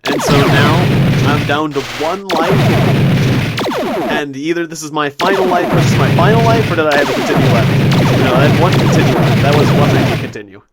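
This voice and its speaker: A man's voice: on the high side, brisk. A man hosting a gameplay recap, chatting casually with a self-deprecating, giggly manner and frequent restarts. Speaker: gaming video host. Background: loud game music.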